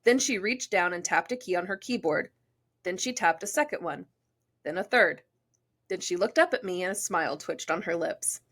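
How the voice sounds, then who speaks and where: A woman's voice: on the low side, normal speed. Giggly, chatty young woman co-host. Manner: chatty, giggly, animated when reading stories. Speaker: podcast co-host. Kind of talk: casual chat and reading listener stories aloud.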